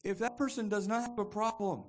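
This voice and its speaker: A man preaching a sermon in an animated way, often repeating words as he restarts a thought. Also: high voice, a little fast.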